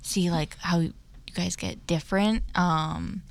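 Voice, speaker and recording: A woman's voice: fairly low pitch, fairly even intonation, takes it slowly, vocal fry, no room sound. A woman hosting a casual group chat, talking loosely with many fillers. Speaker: host.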